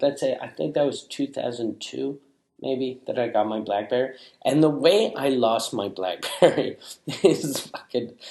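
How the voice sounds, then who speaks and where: A man's voice: mid-range voice, a little mellow. Rambling, profane French Canadian man. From Quebec, Canada. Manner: rambling, profane, many restarts and fillers. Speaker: comedian. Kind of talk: casual storytelling. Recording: roomy echo.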